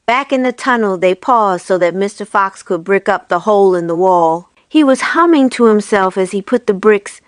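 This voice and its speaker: A woman's voice: medium pitch, lively intonation, moderate pace, few pauses, clean tone, no echo. Woman reading a children's story aloud. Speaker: reader.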